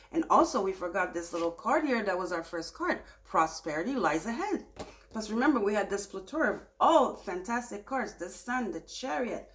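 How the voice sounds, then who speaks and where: A woman giving a casual tarot reading, speaking softly and soothingly and turning animated when she gets excited. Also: medium pitch. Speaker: tarot reader.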